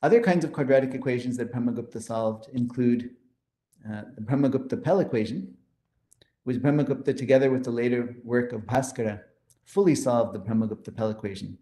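A man's voice: mid-range voice, a little fast, dark tone, reverberant. A man giving a mathematics conference lecture, explaining step by step with enthusiasm and often checking in with "right?".

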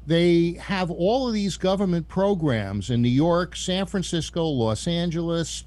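A man's voice: fairly high pitch, darkish tone. A man on a talk panel, arguing in casual chat and stumbling over fillers. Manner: argumentative, halting with fillers. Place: studio panel.

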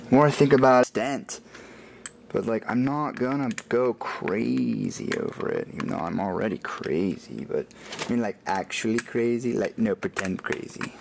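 A man building a gadget in his workshop, thinking out loud in a rambling, self-mocking way as he works. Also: mid-range voice, expressive, a little slow, vocal fry, noisy background. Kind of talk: casual workshop vlog narration.

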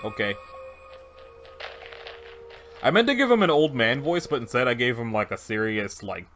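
A man giving casual gameplay commentary, chatty and animated, thinking aloud as he plays. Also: medium pitch, a little fast, faint music behind. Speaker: let's play gamer.

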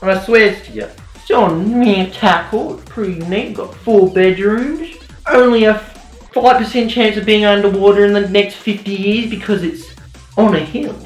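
Sarcastic young man, roomy echo. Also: moderate pace. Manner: sarcastic, mock-ranting, jumpy pitch. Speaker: YouTuber commentator. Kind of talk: rambling comedic commentary. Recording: roomy echo, faint music.

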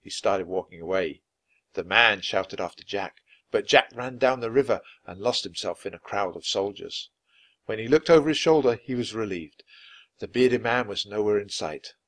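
A man narrating a children's chapter book in a clear, measured read-aloud style. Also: on the low side, a bit bright. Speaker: storybook reader.

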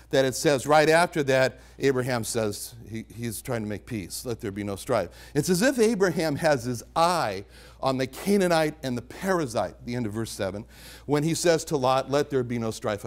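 A man preaching a sermon, teaching from the Bible with emphatic repetitions. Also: mid-range voice. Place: church chapel.

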